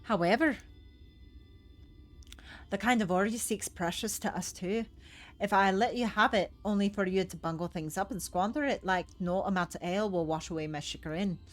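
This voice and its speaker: Woman doing gruff dwarf chief, put-on scottish brogue, hearty and wary, middle pitch. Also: moderate pace, faint music behind, natural voice. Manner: hearty, folksy, brogue-heavy.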